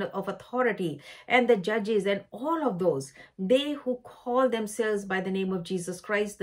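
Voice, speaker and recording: Woman, devotional speaker, earnest and unhurried, mid-range voice, halting delivery that doubles back to stress key words. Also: medium pitch. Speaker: Christian speaker sharing a vision. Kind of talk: devotional message.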